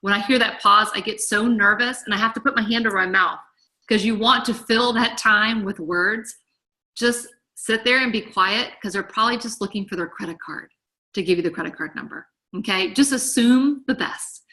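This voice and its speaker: A woman's voice: mid-range voice, normal speed, sharp tone. A woman leading a group call, coaching her team in an eager, chatty, encouraging way. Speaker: team leader.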